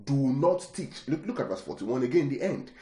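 A very animated man delivers a sermon in a warm, medium-pitched voice at normal speed. The room is echoey, and he leans on repeated words and a steady stream of rhetorical questions to the congregation.

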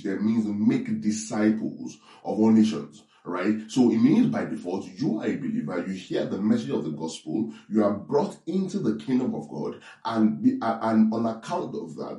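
A man's voice: on the low side, mellow. A man preaching an online sermon, restarting and repeating words and often checking in with listeners. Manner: repetitive, keeps asking "right?". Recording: echoey room, distant mic.

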